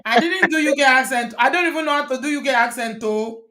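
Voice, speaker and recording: A woman's voice: high voice, quick pace, pushed and bright. Chatty, teasing woman hosting a live chat. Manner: chatty, teasing, laughs often. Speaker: host. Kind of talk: casual live-stream chat.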